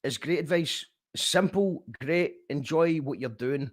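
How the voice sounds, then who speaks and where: Encouraging male host, fairly high voice. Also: unhurried, no room sound, studio quality. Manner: encouraging and emphatic, with many restarts. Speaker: radio show host. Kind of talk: casual interview chat.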